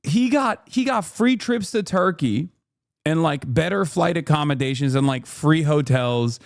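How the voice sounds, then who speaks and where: A man's voice: fairly high pitch, animated, a little slow, creaky, no echo, clean studio sound. Sardonic, profane male streamer. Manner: sardonic, profane, laughing asides. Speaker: streamer and political commentator. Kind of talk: casual reaction commentary.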